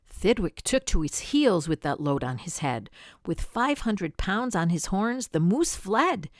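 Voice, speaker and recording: An older woman reading a rhyming picture book aloud, dramatic with soft whispered asides. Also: medium pitch, sing-song, a little slow, dry recording, clean studio sound. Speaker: storyteller.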